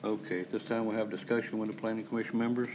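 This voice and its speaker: A man's voice: on the low side, level tone, racing, highs cut off, background noise. A man chairing a county meeting, brief and procedural.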